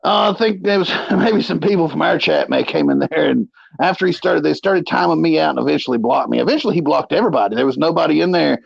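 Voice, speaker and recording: A man's voice: a little high, fast, vocal fry, breathy edge, dry recording, muffled recording. A man co-hosting a casual livestream chat, rambling through stories with crude language. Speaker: co-host.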